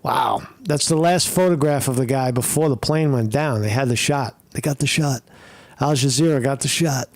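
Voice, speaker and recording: Gravelly-voiced man rambling over news footage. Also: mid-range voice, moderate pace, no room sound. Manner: rambling, repetitive, profane. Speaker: commentator reacting to news footage. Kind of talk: casual reaction commentary.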